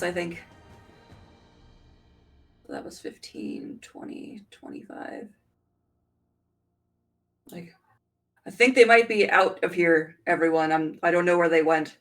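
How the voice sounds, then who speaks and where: A woman playing a tabletop game, speaking hesitantly and softly. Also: lowish voice, lively intonation, measured pace, creaky, pauses often, distant mic, faint music behind. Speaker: player. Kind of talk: casual tabletop game play.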